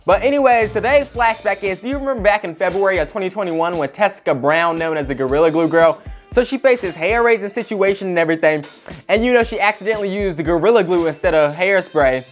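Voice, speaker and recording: A young man hosts his own talk show and spills gossip fast, chatty and rambling, full of fillers, in casual storytelling. His pitch is middling, with soft music faintly underneath.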